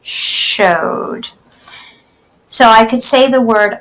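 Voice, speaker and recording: Woman, teacher, phonics lesson for children, slow deliberate pace, sounds out each part. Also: medium pitch, fairly bright tone, poor audio. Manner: slow, carefully enunciated, sounding out word parts.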